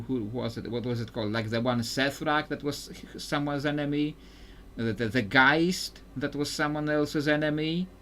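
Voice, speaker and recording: A man's voice: medium pitch, fairly bright tone, a little hiss or hum. A man giving casual, rambling commentary while playing a video game, often restarting sentences and chuckling. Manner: rambling, self-interrupting, chuckling. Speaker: gameplay streamer.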